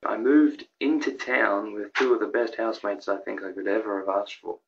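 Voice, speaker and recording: A young man rambling excitedly through a countdown of his own videos, with lots of restarts and fillers. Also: lowish voice, normal speed, muffled recording. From Australia. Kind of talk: casual vlog commentary.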